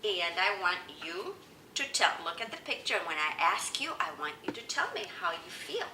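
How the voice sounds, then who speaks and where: A woman teaching children, speaking slowly with exaggerated sing-song prompts for them to repeat. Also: mid-range voice, sing-song, recorded from a distance, background noise. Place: indoor room, teaching with picture cards. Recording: echoey room, voice from afar.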